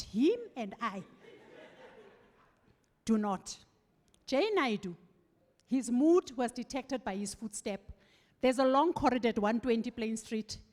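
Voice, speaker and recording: Animated South African woman in a hall. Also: on the high side. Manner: animated storytelling, acting out quoted voices. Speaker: farewell speaker. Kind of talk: anecdotal farewell speech. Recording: echoey hall with long reverb.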